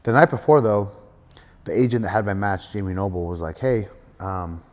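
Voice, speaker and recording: A middle-aged man telling his story in a casual interview, animated, acting out other people's voices, with many fillers. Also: lowish voice, normal speed. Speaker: guest wrestler. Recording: hall reverb.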